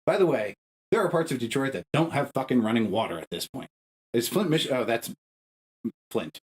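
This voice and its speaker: A man's voice: very animated, moderate pace, poor audio. Profane, fired-up man ranting on a podcast. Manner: profane, emphatic, arguing with rising pitch. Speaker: podcast co-host. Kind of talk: heated casual podcast rant.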